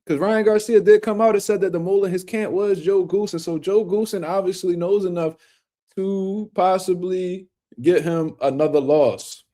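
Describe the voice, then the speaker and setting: A man's voice: high voice, fairly even intonation, moderate pace, mellow. A man hosting a casual boxing livestream, talking loosely in slang and speaking to viewers in the chat.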